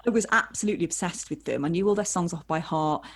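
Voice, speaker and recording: A comedian woman telling lively anecdotes on a video call, acting out voices as she goes. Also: on the low side, quick pace, slightly rough. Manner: animated storyteller acting out voices. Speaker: comedian guest.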